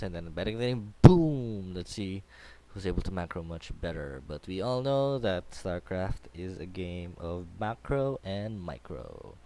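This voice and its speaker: A man's voice: low-pitched, a little mellow, slight background noise. A young man with a Filipino accent, rambling casually through a game tutorial with lots of ums and restarts. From Philippines. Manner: chatty, rambling, many fillers and restarts. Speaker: gaming tutorial host. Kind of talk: casual game commentary over replay.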